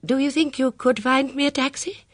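A reader lifts his voice into a nervous middle-aged lady who can't make up her mind. Her pitch sits high and fluttery, every sentence trailing in doubt. The sound is dry and close. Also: expressive, a little slow, no room sound. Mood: dithering. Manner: uncertain, dithering. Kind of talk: audiobook character voice.

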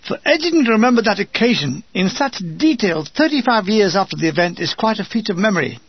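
A man reading a wartime memoir aloud with dry comic timing, lively voices for the quoted soldiers. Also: sits high, fast talker, breathy edge, no echo, dull audio. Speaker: narrator.

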